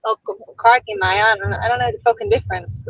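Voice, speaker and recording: A young person in a car putting on a poor, playful Australian accent, laughing between lines. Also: female voice, a little high, fairly even intonation, fast talker, fairly bright tone, highs cut off, a little hiss or hum. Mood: sheepish. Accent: put-on Australian, self-admittedly poor. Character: chirpy Australian-ish bloke character, young adult.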